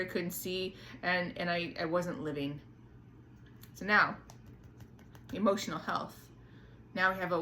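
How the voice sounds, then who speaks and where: A middle-aged woman hosting a casual spiritual talk, gentle and earnest, often repeating words and restarting as she speaks to her viewers. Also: lowish voice, a little hiss or hum. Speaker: spiritual channeler and host.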